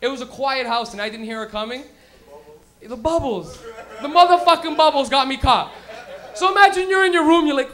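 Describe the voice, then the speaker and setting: A man doing a stand-up set at a live comedy club. He is loud and profane and laughs at his own stories. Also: very high voice, brisk.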